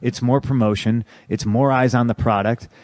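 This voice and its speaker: A man's voice: medium pitch, steady tone, moderate pace, a little mellow, no room sound. A man in his thirties from the United States, a professional wrestler telling an interviewer his story in blunt, profane, griping casual talk. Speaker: interview guest, pro wrestler.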